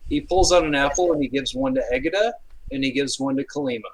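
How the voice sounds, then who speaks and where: A man narrating as game master of a tabletop game, relaxed and often pausing with fillers. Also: mid-range voice, low-quality recording. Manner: relaxed, hesitant with fillers, slips into quick character voices.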